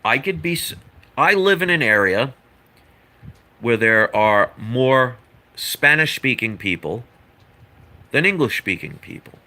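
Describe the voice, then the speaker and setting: Earnest man lecturing in a bright voice. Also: medium pitch, sing-song, slow pace, pauses often. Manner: earnest, lecturing, rambling with asides. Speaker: vlogger. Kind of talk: opinion monologue to camera.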